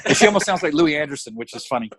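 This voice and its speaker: A middle-aged man, a guest comedian telling stories in a casual, animated, chatty way. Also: on the high side, very fast, a crowd in the background. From Alabama, US. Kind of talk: casual anecdotal storytelling.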